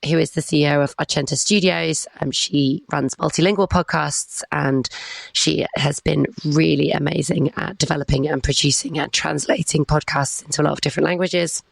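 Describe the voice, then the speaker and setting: A woman talks through a summer cold, her voice husky and heavy with gravelly fry. She chats as a podcast guest, upbeat and quick to laugh. The sound is close and dry. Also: deep voice, no echo. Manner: chatty, upbeat, laughs easily. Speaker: guest, awards organiser. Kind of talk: casual interview chat.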